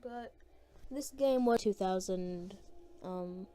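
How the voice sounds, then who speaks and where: Slow, mellow woman narrating gameplay. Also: medium pitch, slight background noise. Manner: rambling, hesitant, thinking aloud. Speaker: gameplay commentator. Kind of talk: casual gameplay commentary.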